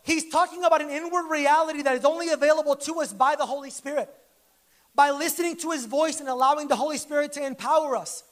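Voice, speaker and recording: A man's voice: very high-pitched, steady tone, quick pace, fairly bright tone. A man preaching a sermon to his church in a conversational, joking way, acting out little quoted lines. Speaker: pastor. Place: church service.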